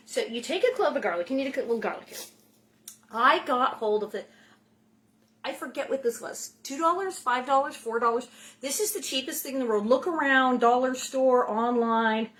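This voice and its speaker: A woman's voice: a little high, fairly bright tone. A middle-aged woman hosting a casual cooking show from her home kitchen, chatty and playful, with rambling asides and silly food noises.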